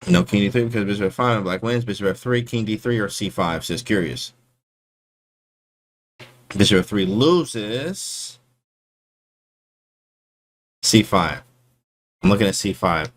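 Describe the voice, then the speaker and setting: A man casually breaking down his chess game for his stream chat, slangy and animated, often calling people bro. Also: fairly low pitch, a little slow, pauses often.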